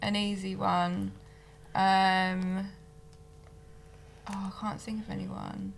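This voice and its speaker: A woman's voice: medium pitch, flat delivery, takes it slowly, creaky, slight background noise. A young woman guesting on a podcast, talking hesitantly and giggling. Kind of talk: casual podcast chat.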